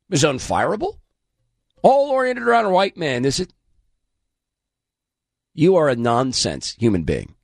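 A man hosting political commentary, delivering scripted segments with a mocking, scornful edge while hoarse. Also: medium pitch, no room sound, clean studio sound. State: hoarse, losing his voice.

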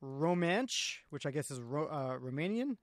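A man co-hosting a sports talk show, reading out brisk questions and prompts. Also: a little high, sing-song, no echo. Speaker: sports radio co-host.

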